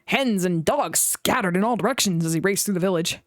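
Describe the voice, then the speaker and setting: A woman reading a children's storybook aloud in an expressive way. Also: medium pitch, a little fast, no echo. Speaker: reader.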